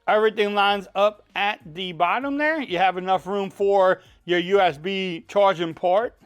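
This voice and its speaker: Cajun guy, high smooth voice, folksy casual tech reviewer. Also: measured pace, fairly bright tone, soft background music. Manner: chatty, folksy, says y'all.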